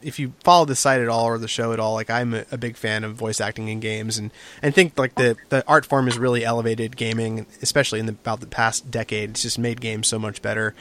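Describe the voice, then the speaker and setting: A man hosting an interview, relaxed and enthusiastic, reading out fan questions and chatting. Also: mid-range voice, quick pace, hardly any pauses. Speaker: interview host. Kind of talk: casual interview chat.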